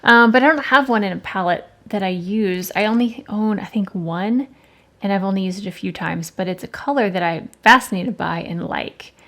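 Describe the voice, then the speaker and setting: Her voice is medium in pitch and a bit bright, at a moderate pace. The woman hosts an art channel and rambles casually as she swatches watercolor paints at her desk, musing and self-correcting, while faint background noise with clicks runs underneath.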